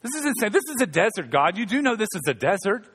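Pastor doing whiny grumbling desert wanderers. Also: male voice, sits high, very animated, fast talker, fairly bright tone, breathy edge, exaggerated voice. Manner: whiny, exasperated.

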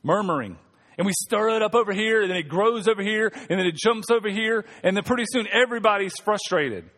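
A man's voice: high-pitched, fairly quick, fairly bright tone, in a large hall. A male pastor preaching a sermon in a conversational, humorous way, calling on the congregation to respond. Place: church sanctuary.

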